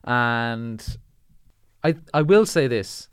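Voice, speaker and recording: A man with a smooth, resonant voice talks through comedy films in casual podcast chat. He picks his words as he goes and often restarts a sentence. The sound is dry and close. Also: medium pitch, lively intonation, very slow, dry recording. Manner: analytical, restarts sentences, laughs at jokes. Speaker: podcast co-host. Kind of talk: casual film discussion.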